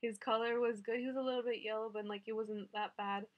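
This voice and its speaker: A woman's voice: a little high, steady tone, fast, muffled recording. A young woman in her twenties telling a personal story to camera in a chatty, emotional way, filling her talk with "like". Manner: chatty, says "like" constantly, emotional. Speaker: new mother vlogger.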